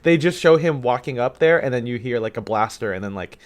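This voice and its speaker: A man co-hosting a podcast in casual chat, rambling and animated, dropping quick asides and quoting movie lines. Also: mid-range voice. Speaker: podcast co-host.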